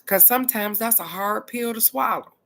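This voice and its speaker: Middle-aged woman, card reader; bright, forceful voice, blunt and salty. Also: on the high side, moderate pace. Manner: blunt and animated, cusses freely. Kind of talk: casual tarot card reading talk.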